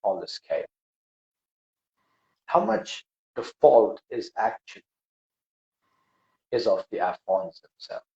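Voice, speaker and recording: A man hosting a podcast, retelling a spiritual parable with dramatic, preacher-like swells and hushes, emotional. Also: lowish voice, sing-song, takes it slowly, vocal fry, pauses often. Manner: emotional, voice breaking. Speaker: podcast host. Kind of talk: emotional storytelling conversation. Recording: echoey, dull lo-fi room.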